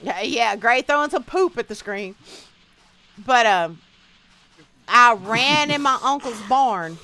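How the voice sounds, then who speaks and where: A woman's voice: on the high side, lively intonation, takes it slowly, pushed and bright. A woman streamer, casually telling folksy childhood stories while she plays a game. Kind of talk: casual storytelling while gaming.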